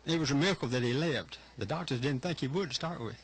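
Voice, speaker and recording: Husky older man testifying. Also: medium pitch, lively intonation. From Georgia, USA. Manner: earnest, halting, emotional retelling. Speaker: witness testifying at a legislative hearing. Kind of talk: public testimony. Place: hearing room.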